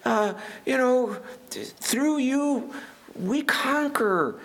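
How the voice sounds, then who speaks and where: Anxious old king as a preacher puts him on, high whiny pleading voice. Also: lively intonation, drawn-out words, a bit bright, exaggerated voice.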